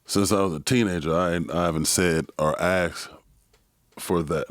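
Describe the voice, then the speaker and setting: A man with a very low voice chatting on a studio podcast. He stammers and restarts his sentences and drops in "yeah" often. His voice is recorded close and dry. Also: fairly even intonation, normal speed, no room sound. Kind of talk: casual podcast banter.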